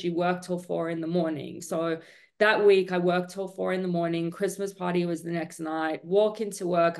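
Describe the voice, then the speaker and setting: A woman guest telling her story in an interview, in an earnest, talkative way with many fillers. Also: fairly low pitch. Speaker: entrepreneur guest.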